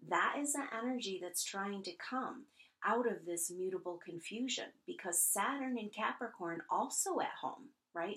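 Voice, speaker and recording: A woman with a slightly low voice talks through an astrology forecast. She speaks earnestly and at an unhurried pace, now and then pausing on fillers and restarting her sentences. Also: a bit bright, low-quality recording.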